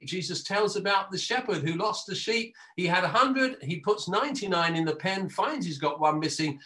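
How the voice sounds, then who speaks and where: A man pastor preaching a sermon over a video call, emphatic and slowing down on key phrases. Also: high voice, a bit bright, rough recording.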